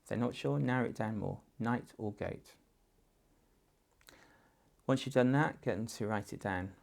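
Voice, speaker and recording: A man's voice: mid-range voice, unhurried, vocal fry. A man with an English accent, a teacher patiently walking parents through a phonics writing exercise step by step. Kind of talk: instructional guidance for parents.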